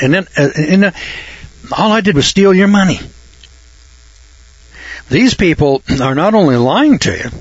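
A man's voice: on the high side, slightly rough, no echo, highs cut off. A man hosting a radio talk show, ranting in a folksy, indignant way. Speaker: radio host.

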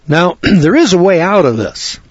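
A man preaching a sermon, sarcastic and fiery, dropping to low asides and rising to loud outbursts. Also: very animated, normal speed, breathy edge, no room sound. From United States. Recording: dry, dull lo-fi recording.

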